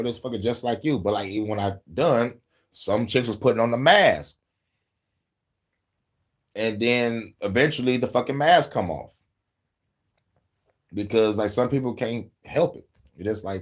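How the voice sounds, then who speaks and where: A man's voice: medium pitch, moderate pace, pauses often. Profane laughing man ranting casually. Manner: profane, laughing, acts out quotes. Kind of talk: casual rant.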